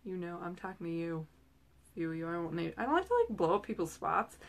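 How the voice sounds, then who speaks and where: Chatty rambling woman, a bit low. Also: brisk, creaky. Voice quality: rambling, chatty with frequent fillers and tangents. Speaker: host and direct seller. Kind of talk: casual chat. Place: small room at home.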